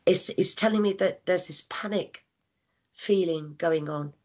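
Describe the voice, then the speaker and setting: A woman working as a psychic medium, giving a live reading with halting speech, lots of fillers, hushed asides and affectionate words like darling. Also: fairly low pitch. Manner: affectionate, calls people darling and my lovely. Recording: dull lo-fi sound.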